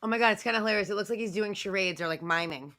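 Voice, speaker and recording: A woman's voice: medium pitch, racing, bright, forceful tone, no room sound, clean studio sound. A woman on a casual comedy panel over a video call, blunt, exasperated and swearing. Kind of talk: casual comedy podcast chat.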